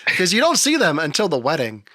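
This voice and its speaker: A podcast co-host in relaxed conversation, who keeps things moving by putting questions to the others. His voice is bright and forward, recorded close and dry with little room sound. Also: on the high side, a little fast, dry recording. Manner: steers the talk with questions. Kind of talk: casual chat.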